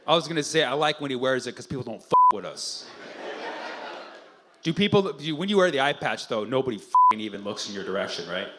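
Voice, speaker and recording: A man doing stand-up crowd work, teasing and profane in quick banter with the audience. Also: medium pitch, very animated, heavy background noise. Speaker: stand-up comedian. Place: comedy club stage.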